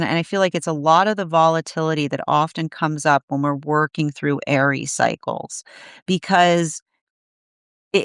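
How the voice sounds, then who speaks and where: Woman tarot reader on a live stream; slightly low voice, dry sound; searching delivery full of restarts. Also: a bit bright, smooth, no echo. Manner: searching, restarts often, tags lines with "right?". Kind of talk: live-streamed energy reading.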